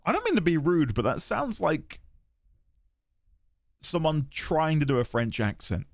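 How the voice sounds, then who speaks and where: A man casually commenting while playing a game, chatty and quick to laugh. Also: on the high side, no room sound. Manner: chatty, giggly, animated. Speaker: game streamer. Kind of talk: let's play commentary.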